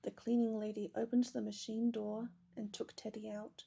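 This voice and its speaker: A woman reads a children's picture book aloud in a gentle, measured way. Her voice sits a bit high but sounds mellow and husky, with a gravelly edge. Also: level tone. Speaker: storybook reader.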